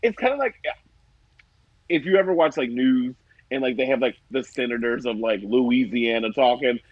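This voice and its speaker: A man from Ohio co-hosting a casual chat, animated and quick to laugh, with mock-indignant asides. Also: mid-range voice, dry recording, dull audio. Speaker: podcast co-host.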